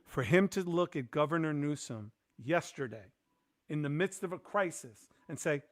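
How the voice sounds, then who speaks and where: A man hosting a podcast, recounting a story in easy, casual chat. His voice sits a little high for a man and is recorded close and dry with no room sound. He slips into the voices of the people he quotes as he goes. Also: moderate pace, dry recording. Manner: animated, acts out quoted voices. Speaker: podcast host.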